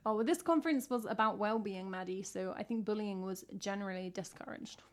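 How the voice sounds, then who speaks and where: A woman's voice: medium pitch, a little fast. A young woman from England, a singer-songwriter chatting casually on a livestream, self-mocking and answering her chat.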